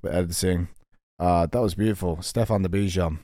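A laid-back man hosting a podcast, his voice sitting a little low. He jokes easily with his guests. The sound is dry and close. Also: fairly even intonation, fairly quick, dark tone, no echo. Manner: laid-back, joking, plugs the show. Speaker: podcast host. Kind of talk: casual chat.

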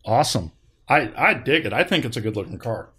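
A man co-hosting a casual car news show, reading stories and joking with lively swings of excitement. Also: brisk, breathy edge. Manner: animated, jokey, swings into high excited tones.

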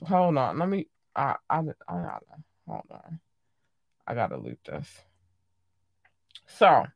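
A woman's voice: deep voice, dry recording, clean studio sound. A woman hosting a casual solo podcast, chatty and gushing. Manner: animated, gushing, playful shout-outs. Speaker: podcast host.

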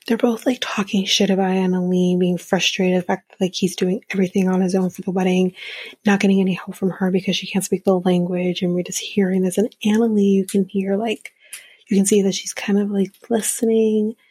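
A woman's voice: mid-range voice, a little mellow, slightly rough, no echo, low-quality recording. A young woman hosting a podcast, chatting casually and with exasperation about a reality show, swearing freely. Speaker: podcast host. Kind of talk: casual recap commentary.

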